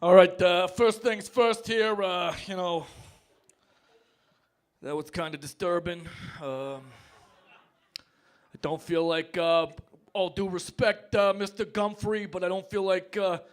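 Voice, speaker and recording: A man's voice: high-pitched, fairly even intonation, takes it slowly, long pauses, clean tone. A man playing a self-declared tunnel expert in a comedy debate, stalling with lots of uhs and ums. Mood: bemused. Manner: hesitant, full of uh and um. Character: self-styled tunnel expert filling in for a friend. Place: pub stage.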